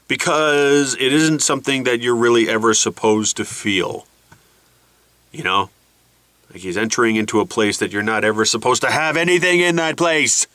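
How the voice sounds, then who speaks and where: A man's voice: a little high, bright, forceful tone, no room sound. A man telling a rambling, jokey vlog story with his nose packed by a balloon, putting on voices as he goes. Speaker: vlogger.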